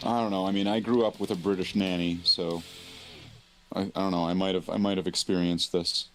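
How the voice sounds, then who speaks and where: Canadian male guest, lowish voice, teasing storyteller, faint guitar behind. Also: little pitch movement, a bit bright. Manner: playful storyteller, quick to tease. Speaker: guest streamer. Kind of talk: casual live-stream chat.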